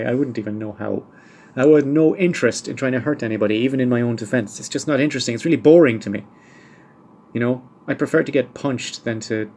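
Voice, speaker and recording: A man's voice: mid-range voice, a little mellow. Dry, wry man musing aloud. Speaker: podcast host. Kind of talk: solo podcast monologue answering listener questions.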